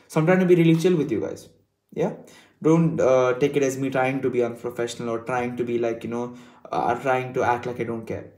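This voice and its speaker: A young man runs through exam review questions in a loose, chatty way, as if explaining to a friend over a call. He addresses the viewers as guys, throws in the odd swear word and keeps the tone relaxed. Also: medium pitch. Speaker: tutor explaining exam slides. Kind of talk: casual exam-revision lesson.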